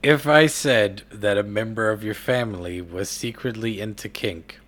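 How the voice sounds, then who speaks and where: A man's voice: lowish voice, normal speed, few pauses, a bit bright. A man hosting a casual podcast interview, asking teasing, jokey questions. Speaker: podcast host.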